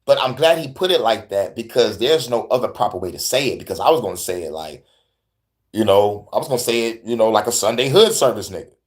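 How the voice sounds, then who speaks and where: A man's voice: fairly low pitch, quick pace. Profane, laughing young man host. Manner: animated, laughing, swearing, slangy. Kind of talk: casual profane commentary.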